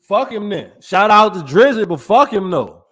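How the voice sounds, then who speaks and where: High-voiced argumentative podcast co-host. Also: male voice, sing-song, normal speed, a bit bright. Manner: argumentative, long winding points in slang. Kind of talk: casual chat.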